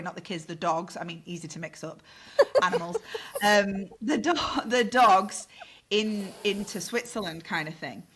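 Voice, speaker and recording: A middle-aged woman from the north of England, a podcast guest telling a story in casual, animated talk and swearing freely. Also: lowish voice, husky.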